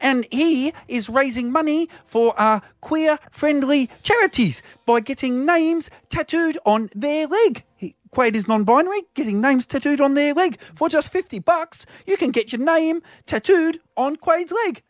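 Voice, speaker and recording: A man's voice: very high-pitched, a little slow, few pauses, dry recording. Man, radio co-host, teasing banter, dry close studio mic. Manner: teasing, loud playful exclamations.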